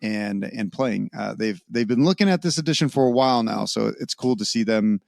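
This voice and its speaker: A man's voice: lowish voice, animated, fairly quick, creaky, a little mellow, dry recording, studio quality. Casual rambling male podcast host. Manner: loose, rambling, swears casually. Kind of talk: casual chat.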